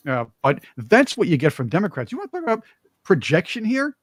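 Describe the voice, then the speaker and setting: A male talk show host with a lively voice that leaps around in pitch and sits a touch high. He argues his points emphatically and cracks jokes between them. The sound is dry and close. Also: a little fast, dry recording. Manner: animated, joking, emphatic. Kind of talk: opinionated political talk.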